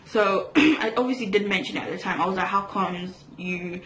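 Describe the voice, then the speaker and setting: A woman's voice: mid-range voice, normal speed, a bit bright. A young woman from England, telling a rambling storytime while doing her makeup, full of fillers and restarts. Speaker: vlogger. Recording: echoey room with faint hiss.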